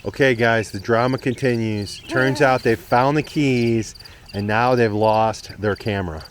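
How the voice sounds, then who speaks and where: An easygoing man of middle pitch narrates his travel vlog out loud as he hikes a mountain trail, chatty and eager about what he passes. Crickets and insects hum faintly behind him in the open air. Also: measured pace. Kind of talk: casual walking narration to camera.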